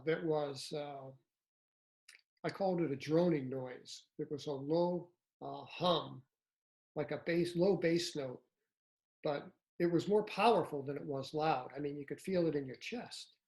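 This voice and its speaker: Older man telling a story haltingly. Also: fairly high pitch, poor audio. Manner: halting, measured delivery with frequent uh and um fillers. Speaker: podcast guest recounting an experience. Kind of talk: first-person storytelling in an interview.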